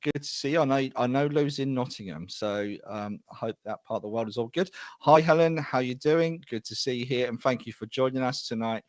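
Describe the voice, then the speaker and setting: A man's voice: mid-range voice, a little fast, dry recording, dull audio. A middle-aged man hosting a live show, chatty and self-deprecating as he greets viewers by name. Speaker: host.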